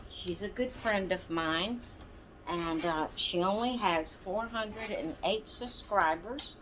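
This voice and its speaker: A woman's voice: mid-range voice, slow pace, fairly bright tone, a little hiss or hum. A woman hosting her doll channel, chatting casually and rambling to viewers with plenty of ums and asides. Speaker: doll channel vlog host.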